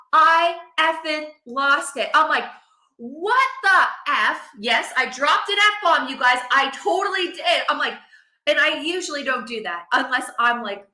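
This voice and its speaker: A middle-aged woman telling a personal story to camera, animated and acting out her own quotes. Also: high-pitched, reverberant. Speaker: vlogger, mother.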